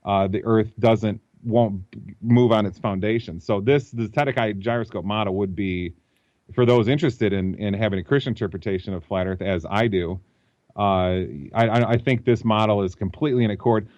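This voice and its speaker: Low-voiced man explaining over a dull line. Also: normal speed, darkish tone, dry recording. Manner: thinks aloud, explaining at length. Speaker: guest. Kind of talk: explanatory interview talk over a call. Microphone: computer mic.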